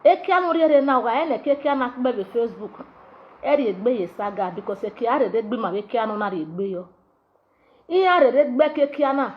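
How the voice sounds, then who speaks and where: A woman's voice: a little high, animated, a little fast. A woman with a Nigerian accent, a social media vlogger ranting in Pidgin, scolding and mocking with sing-song repetitions. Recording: dull lo-fi audio.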